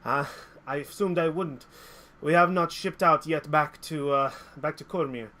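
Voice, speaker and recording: Man doing woman mercenary captain, grateful, hesitant, bright tone. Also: a little high. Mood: earnest. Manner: earnest, halting, hesitant.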